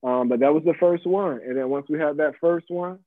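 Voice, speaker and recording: A man in his mid-twenties with a slightly high voice speaks briskly, with no echo, over a tinny phone line. As a guest in a casual interview, this pop-up shop organizer talks in a laid-back, reflective way with many fillers.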